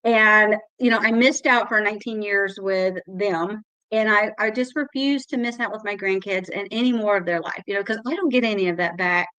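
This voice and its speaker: A woman's voice: mid-range voice, moderate pace, few pauses, a bit bright, no echo, rough recording. A middle-aged woman, sharing her success story in a chatty, emotional way on a live call. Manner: chatty, emotional, says y'all often. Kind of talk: casual testimonial on a live call.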